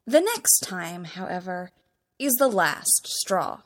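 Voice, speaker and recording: A woman reading fan fiction aloud, narrating with wry, expressive emphasis. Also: on the low side, takes it slowly, creaky.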